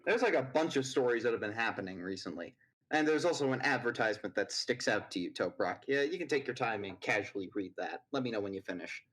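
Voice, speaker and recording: Man, game master, tabletop game narration, middle pitch, rambling, many fillers. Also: lively intonation, fast, a bit bright, rough recording. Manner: loose and rambling, full of fillers.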